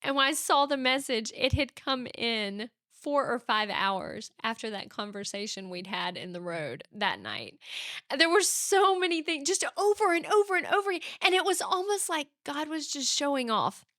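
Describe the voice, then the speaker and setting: This is a woman guest recounting her stories in an interview with an animated, expressive delivery. Her voice is bright and forceful. She is recorded close to the mic in a dry room. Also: fairly high pitch, normal speed, dry recording. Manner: animated storyteller acting out quoted voices. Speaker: guest author. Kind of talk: conversational storytelling interview.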